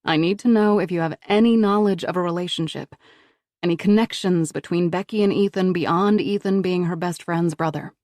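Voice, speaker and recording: A woman reader voicing a female federal agent who speaks calmly and firmly. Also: lowish voice, dry recording, clean studio sound, natural voice. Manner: calm, measured, reassuring. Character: female federal agent, calm, patient and firm.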